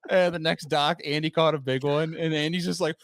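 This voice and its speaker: A man's voice: on the high side, a little fast. A man hosting a podcast, telling stories in a casual chat and acting out the people in them. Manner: animated storyteller, acts out quoted people. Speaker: podcast host.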